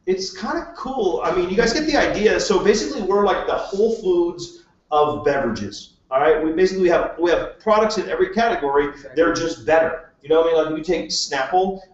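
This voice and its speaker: High-voiced man pitching to a live room. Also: expressive, a little fast. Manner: joking, chatty, asks the crowd questions. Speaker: presenter at a live business meeting. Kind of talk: casual sales pitch to a live audience. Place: meeting room with a live audience. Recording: echoey room, distant mic, dull sound.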